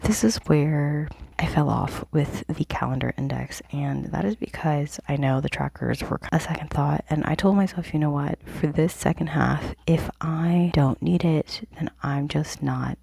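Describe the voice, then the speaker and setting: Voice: medium pitch, unhurried, creaky, husky, no room sound. A young adult host whispering a casual, rambling planner review into a close microphone in a home office before dawn. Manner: hushed whisper, rambling with fillers. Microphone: plugged-in microphone, close.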